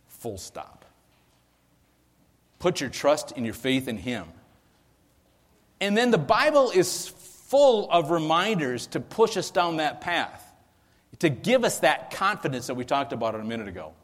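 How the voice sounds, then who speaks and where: Man preaching in a reverberant hall. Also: a little high. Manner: conversational, asks the listeners questions. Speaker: pastor. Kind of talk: sermon.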